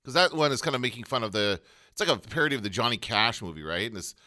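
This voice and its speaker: A man co-hosting a casual podcast chat about movies, rambling and pausing to look things up. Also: medium pitch, big pitch swings, pushed and bright. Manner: rambling, looks things up mid-talk. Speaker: podcast co-host.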